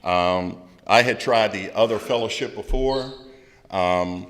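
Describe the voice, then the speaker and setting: A middle-aged man speaking at a recovery meeting, telling his story in a loud, blunt, candid way with plenty of swearing. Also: lowish voice, takes it slowly, slight background noise. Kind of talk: candid personal recovery share. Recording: long hall reverb.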